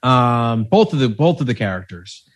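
A man in easy podcast chat circles his point about a film. He stumbles and restarts as he thinks aloud. His voice sits at an ordinary pitch. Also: big pitch swings, moderate pace. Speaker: podcast co-host.

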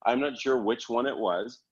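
A man's voice: mid-range voice, a little slow, breathy edge, dull audio. A man hosting a casual chat, rambling and self-correcting and laughing often. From Canada. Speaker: podcast host.

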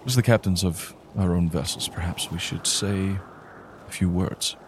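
A man's voice: low-pitched, normal speed, a little hiss or hum, close to an everyday voice. A man voicing a grieving male sea captain who gives a formal, stately eulogy. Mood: solemn.

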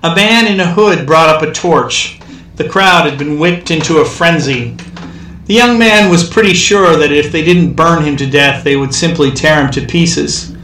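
A male storyteller reads with wry, dry comic timing. His voice is bright and sits a bit high. The sound is roomy and echoes, with the mic set some way off. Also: normal speed, a little hiss or hum. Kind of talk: scripted narration. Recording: echoey room, distant mic.

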